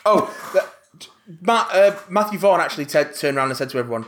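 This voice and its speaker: Animated, wry man. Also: on the high side, a little fast, slight background noise. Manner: wry, animated, sarcastic asides. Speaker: podcast co-host. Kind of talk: casual film discussion.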